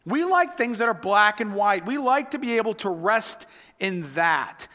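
A man pastor preaching a sermon, earnest, moving between loud emphasis and hushed whispers. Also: high voice, big pitch swings, a little slow, long reverb tail.

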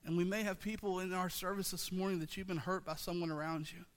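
Male pastor preaching, high bright voice, rhythmic repetition, long hall reverb. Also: steady tone, fast, smooth. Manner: passionate, repetitive call-and-response preaching. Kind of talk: sermon. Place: church sanctuary.

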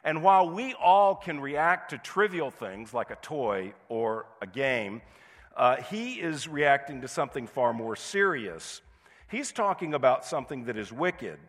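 A man's voice: medium pitch, big pitch swings, measured pace, a bit bright. A male pastor preaching a sermon in a conversational way, now and then acting out indignant voices. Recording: long hall reverb.

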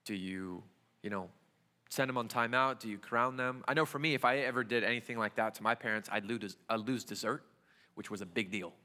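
A man's voice: on the low side, a little fast, sharp tone. A young adult man, a youth pastor, preaching a conversational sermon full of rhetorical questions in a church. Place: church sanctuary. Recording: church hall reverb.

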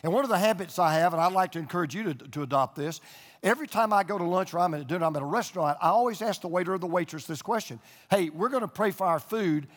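A man's voice: high voice, fast talker, long reverb tail. An older man preaching a sermon as pastor, a folksy storyteller who drives points home with emphatic repetition, speaking in a church auditorium to an audience there and online.

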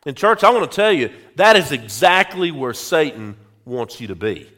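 A male pastor preaching a sermon, telling a story slowly and speaking directly to his congregation. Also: fairly high pitch, big pitch swings, pushed and bright. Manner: slow, drawn-out storytelling, addressing the congregation directly.

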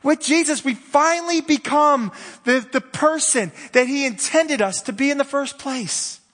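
A man with a high voice preaches a sermon, talking conversationally and swinging between fervent bursts and quiet, hushed stretches. His voice rings out in a hall with a long reverb. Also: a little slow. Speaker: pastor.

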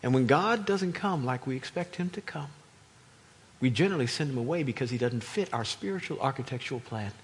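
A man preaching a sermon to a congregation, moving between quiet explanation and loud, emphatic delivery. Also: medium pitch, expressive, a little fast, slight background noise. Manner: dynamic, swings from quiet to loud, acts out crowd voices.

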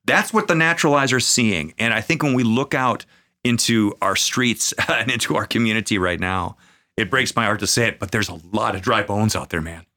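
A pastor with a fairly low voice and a bright, forceful edge talks through faith in a relaxed podcast chat. He is earnest and circles back with plenty of fillers. When he makes a point, he slows into a measured preaching rhythm. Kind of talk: conversational podcast talk on faith.

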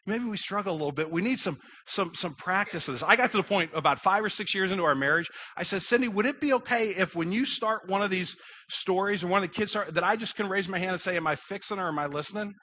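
A man's voice: sits high, fast, pushed and bright. A middle-aged man preaching a sermon in a conversational, folksy way, telling personal stories with self-deprecating humor. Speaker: pastor.

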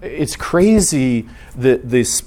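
A man's voice: mid-range voice, animated, very slow, mellow. Brief: middle-aged male pastor, informal teaching, chatty delivery with acted-out quotes. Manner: conversational, acts out short quoted exchanges.

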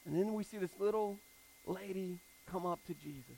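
A man preaching a sermon in a casual, animated style, repeating phrases for emphasis. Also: high-pitched, normal speed, creaky, a little hiss or hum, poor audio.

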